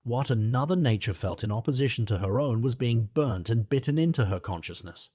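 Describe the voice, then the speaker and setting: A man narrating a classic novel as an audiobook, in a measured, literary reading. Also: mid-range voice, lively intonation, dark tone, husky, no room sound, studio quality.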